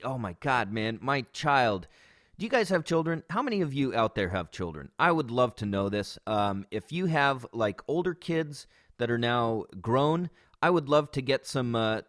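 A man in his thirties talks loosely into a close podcast microphone with a pop filter, with plenty of filler words and false starts. His pitch sits in an ordinary middle range. The sound is dry, with no room echo. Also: a bit bright. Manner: rambling, frequent fillers and restarts, swearing. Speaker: podcast host. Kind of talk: casual podcast monologue. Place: backyard. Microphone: studio microphone with pop filter.

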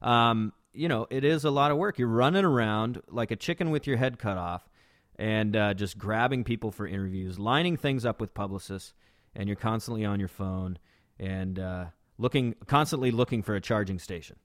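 A man's voice: fairly low pitch, moderate pace, no echo. Male podcast host, casual storyteller, rambling with fillers, dry close sound. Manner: rambling, full of fillers and restarts.

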